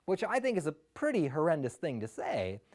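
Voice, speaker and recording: A man's voice: fairly high pitch, wildly swooping pitch, fairly quick, darkish tone. A man from Illinois telling a funny personal story with wry, self-mocking asides. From Illinois, USA.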